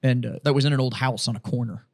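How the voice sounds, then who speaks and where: A man co-hosting a podcast, telling stories in casual, profane, animated chat. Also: mid-range voice, quick pace. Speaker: podcast co-host.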